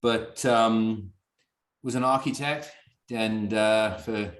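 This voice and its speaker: A man's voice: lowish voice, steady tone, takes it slowly, reverberant. A man with a Northern English accent, chatting on a video call from a bedroom at home, rambling and laughing. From Northern England. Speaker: distillery founder. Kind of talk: casual video call chat.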